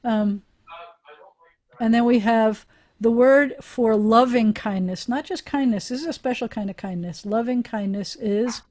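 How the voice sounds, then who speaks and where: A woman's voice: fairly high pitch, a little slow, a little mellow. Chatty woman rabbi teaching online. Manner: chatty, encouraging, laughs often. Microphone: video call.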